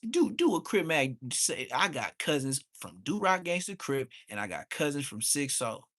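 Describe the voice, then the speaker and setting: A man, ranting on a livestream. He is heated and mocking, and his voice suddenly jumps high. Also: sing-song, moderate pace, fairly bright tone, no echo, studio quality. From Inglewood, Los Angeles. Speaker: livestream host. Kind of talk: profane livestream rant.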